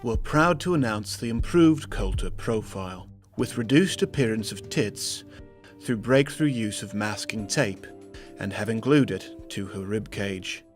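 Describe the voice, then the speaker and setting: A man voicing a proud male tech product announcer in a mock launch ad, with smooth announcer delivery. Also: lowish voice, expressive, a little slow, faint music behind, voice pushed down.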